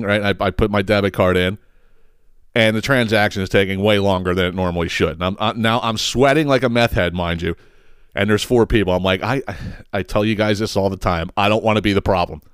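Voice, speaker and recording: A man's voice: on the low side, fairly bright tone, clear, resonant tone, no echo, studio quality. Profane, rambling male podcast host. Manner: profane, rambling, self-interrupting, laughs at own story. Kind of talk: casual storytelling monologue.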